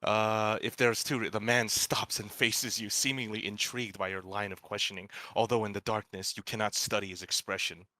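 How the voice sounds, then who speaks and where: A man playing a card game with a friend, excitable and laughing often as he narrates and reacts. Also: fairly low pitch, normal speed, hardly any pauses, no room sound. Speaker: player. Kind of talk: casual game play chat.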